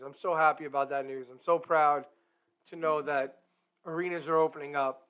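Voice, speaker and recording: A man hosts a live hockey talk stream, upbeat and chatty as he speaks straight to the people watching. His voice sits a bit higher than most men's. He comes through a streaming microphone. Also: steady tone, normal speed, fairly bright tone, clear, resonant tone. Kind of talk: casual live-stream chat.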